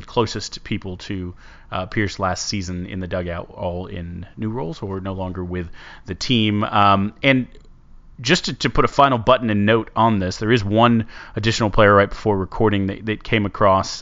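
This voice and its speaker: A man with a fairly low voice hosts a casual sports talk podcast, rambling and halting as he works through his thoughts. The recording sounds dull and lo-fi, though a bit bright.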